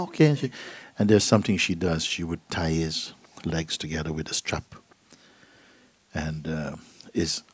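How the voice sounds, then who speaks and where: A middle-aged man, a spiritual teacher, giving a gentle, unhurried talk and acting out voices in his stories. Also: sits low, breathy edge. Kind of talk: satsang talk, storytelling. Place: gathering hall.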